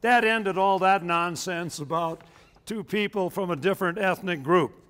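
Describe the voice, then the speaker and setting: An older man gives a storytelling history talk in a high-pitched voice. His tone is smooth and resonant, and he drifts into folksy anecdotes and joking asides. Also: normal speed, a bit bright. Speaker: local historian.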